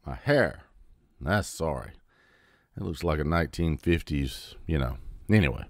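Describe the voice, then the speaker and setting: A man's voice: extremely low pitch, lively intonation, measured pace, no echo, studio quality. A man in his fifties hosting his own channel, ranting bluntly and defiantly about politics with heavy swearing and sarcastic asides. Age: 50s. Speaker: host. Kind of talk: political rant to camera.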